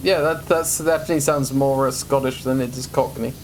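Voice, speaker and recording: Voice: medium pitch, fairly even intonation, fairly quick. Playful streamer host, casual swearing, faint hiss behind. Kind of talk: casual watch-along chat.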